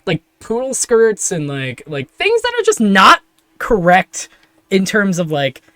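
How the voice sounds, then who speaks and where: A man's voice: sits high, wildly swooping pitch, measured pace, sharp tone, no room sound. A man narrating as game master of a tabletop game, describing scenes in a rambling way full of fillers.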